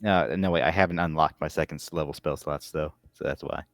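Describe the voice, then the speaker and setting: A man's voice: extremely low pitch, brisk, creaky, no echo, faint music behind. A man playing a tabletop game, chatting casually and partly speaking in character. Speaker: player.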